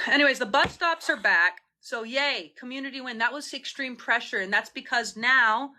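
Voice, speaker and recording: A woman with a bright, sharp, slightly high voice speaks into her phone on a livestream. She is an impassioned mutual aid organizer who swears freely and rambles, breaking off and restarting her sentences as she goes. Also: moderate pace. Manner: passionate, indignant, swears freely. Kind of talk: livestream Q&A rant.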